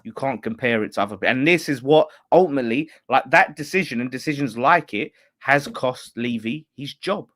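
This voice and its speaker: A man's voice: mid-range voice, normal speed, few pauses, fairly bright tone, dry recording. Chatty man hosting, dry sound. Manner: chatty, laughing, banter with co-host. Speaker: fan channel host. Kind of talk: casual chat.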